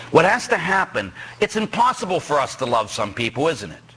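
A middle-aged man from Pittsburgh, a parish priest preaching a sermon, animated and joking as he quizzes his congregation. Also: a little high, fairly quick, hardly any pauses, a little hiss or hum. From Pittsburgh, USA.

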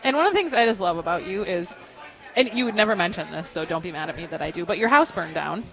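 A woman's voice: fairly low pitch, lively intonation, quick pace, fairly bright tone, some chatter behind. A woman hosting a talk radio interview, gushing and chatty with lots of fillers. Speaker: radio show host.

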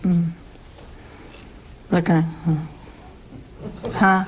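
A woman's voice: on the low side, fairly even intonation, very slow, long pauses, slight background noise. A woman teaching a Catholic Bible lesson to a group in a conversational way, asking her listeners questions and acting out the quotes. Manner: conversational, asks the audience questions, acts out quotes. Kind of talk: lively scripture teaching to a group.

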